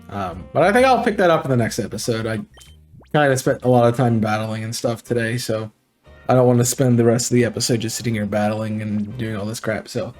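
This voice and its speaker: A man's voice: medium pitch, brisk, a little mellow, soft background music. A man hosting a let's play, talking in a casual, rambling way with fillers and joking asides. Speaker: gaming channel host.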